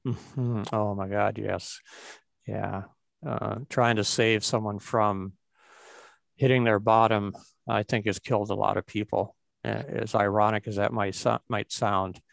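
A man's voice: lowish voice, flat delivery, unhurried, gravelly, dry recording. A man hosting a conversation about recovery, speaking reflectively and restarting his sentences often.

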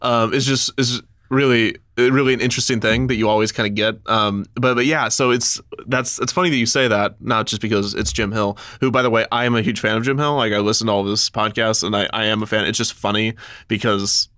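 A man hosting a podcast in casual chat, excitable and giggly, with many ums. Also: lowish voice, brisk, no room sound, clean studio sound. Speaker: podcast host, author.

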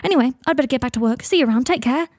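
A woman's voice: sits high, very fast, a little mellow, no echo, clean studio sound, voice pushed up. A woman reading the part of a hesitant, awkward young man in an audiobook fan-fiction reading.

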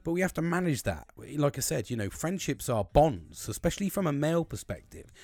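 A man's voice: a little high, very animated, a little fast, a little mellow, dry recording. Candid, rambling man, dry close sound. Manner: candid, rambling, heavy swearing, many restarts. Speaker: podcast host. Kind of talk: late-night podcast monologue.

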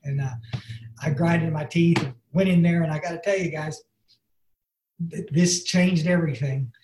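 A man's voice: on the high side, fairly even intonation, moderate pace, echoey room, background noise. A man giving an earnest, folksy recovery talk full of "and, uh" fillers. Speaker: recovery speaker. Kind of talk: personal testimony talk. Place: online meeting.

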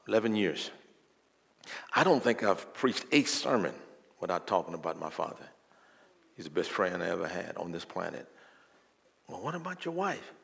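Gravelly older man preaching. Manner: folksy, swells from low murmur to loud preaching. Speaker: guest preacher. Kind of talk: sermon with storytelling.

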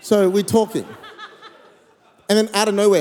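A man preaching to his congregation, spinning a funny personal story with lively swings of energy and loud, excited bursts. His voice is fairly high for a man yet mellow and dark in tone. The sound rings out in a large church hall with a long reverb tail. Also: normal speed, long pauses. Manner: animated, comic storytelling with sudden loud peaks. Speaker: pastor. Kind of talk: storytelling sermon.

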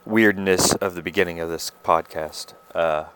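A man with a slightly low voice talks alone into his podcast mic. His speech is halting and confessional, full of fillers and restarts as he searches for words. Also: fairly even intonation, fairly bright tone, clean tone. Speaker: podcast host. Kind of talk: rambling personal monologue.

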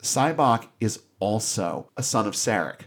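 Calm logical alien officer guy, a podcast host quoting him, low and flat. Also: a little slow.

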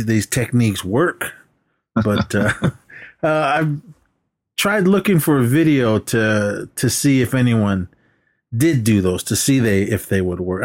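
A man co-hosting a podcast, recapping films in casual chat with lots of fillers and quoted lines. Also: lowish voice. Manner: rambling and hesitant, full of fillers, acting out film lines. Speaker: podcast co-host.

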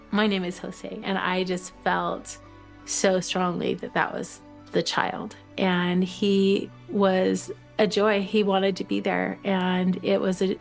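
Middle-aged woman telling an emotional adoption story, halting, faint music under it. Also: mid-range voice, vocal fry. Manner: tearful at moments, halting with fillers. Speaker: interviewee sharing an adoption story. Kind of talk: emotional personal testimony.

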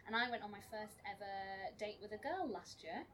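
A woman's voice: mid-range voice, moderate pace, distant mic, noisy background. A young woman presenting a comic segment, chatty and self-mocking with frequent giggles. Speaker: panel presenter.

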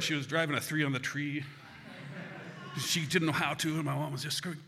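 A man from the United States telling a comic story live, animated and self-mocking. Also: on the high side, fast talker. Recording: hall reverb with faint hiss.

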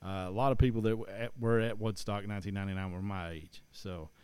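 A man's voice: fairly low pitch, steady tone, quick pace, a little mellow, smooth. A man, chatting casually and rambling with many restarts. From East Tennessee. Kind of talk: casual chat.

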